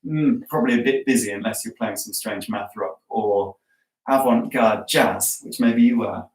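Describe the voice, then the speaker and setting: A man leading a guided drum practice lesson, chanting stickings and syllables aloud in a relaxed, encouraging, chatty way. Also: lowish voice, normal speed. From England. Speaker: drum teacher. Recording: roomy, distant sound with music behind. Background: metronome and drumming.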